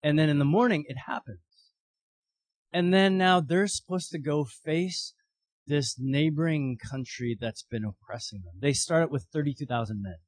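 A man preaching a sermon, telling a story with lively, animated voices for its characters. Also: fairly high pitch, moderate pace, no room sound. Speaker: pastor.

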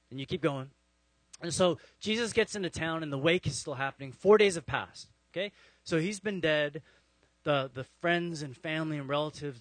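A man's voice: mid-range voice, a bit bright, no room sound, low-quality recording. A man preaching a sermon, telling stories and acting out the voices of the people in them. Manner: storytelling, acts out voices of people in the story. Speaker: pastor.

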